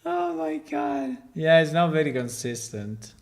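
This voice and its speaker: A man's voice: fairly high pitch, wildly swooping pitch, unhurried, gravelly, darkish tone. A man, a game developer, giving casual live-stream commentary and thinking aloud as he tests and reacts to recorded game lines.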